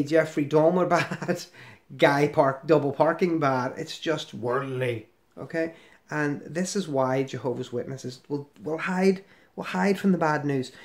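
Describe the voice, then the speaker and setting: A man's voice: a little high, darkish tone. A middle-aged man giving casual, sarcastic commentary as he scrolls through a website, rambling with fillers and restarts. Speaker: ex-member commentator.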